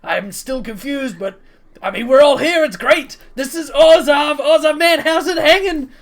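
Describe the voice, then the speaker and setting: A woman voicing a boisterous, excitable male adventurer who rambles in slang and shouts his greetings. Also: high-pitched, a little slow, pitched above the performer's own voice. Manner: loud, rambling, slangy and overexcited.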